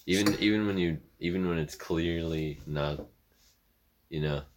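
A man's voice: low-pitched, unhurried, slight background noise. A man co-hosting a casual podcast, laid-back and agreeable, answering in short lines and joking along. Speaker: podcast co-host. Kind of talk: casual chat.

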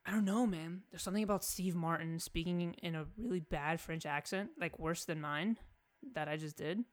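A man's voice: fairly high pitch, normal speed. A young man co-hosting a casual movie chat, playful and slangy, joking with his friend. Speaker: podcast co-host.

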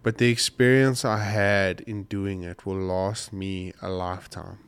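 A man's voice: low-pitched, little pitch movement, unhurried, clear, resonant tone. A man vlogger telling a hunting story in a rambling, emotional way, choked up and sniffly. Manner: emotional, rambling retelling with restarts. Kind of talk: casual storytelling to camera.

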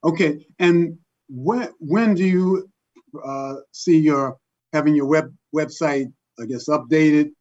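A man interviewer asks his questions haltingly, with fillers and restarts. His voice sits a bit high for a man. The audio is dull and lo-fi. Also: darkish tone.

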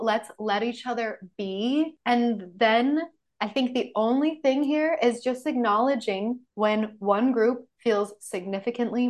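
A young woman hosting a podcast, her fairly high voice candid and animated as she trades stories in casual chat. She swears freely and talks frankly. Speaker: podcast host.

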